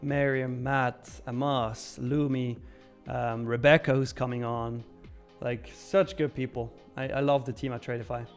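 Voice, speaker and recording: A man's voice: medium pitch, fairly even intonation, unhurried, soft background music. A young Swiss man casually hosting a live trading stream, chatting, reading out chat messages and laughing often. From Switzerland.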